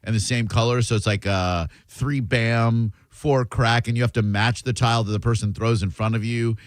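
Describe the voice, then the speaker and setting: A man in the co-host seat of a radio talk show, his voice mid-pitched and plain. He drops dry jokes and reads facts out loud, recorded close and dry in the studio. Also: steady tone, normal speed, dry recording. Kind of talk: casual talk radio banter.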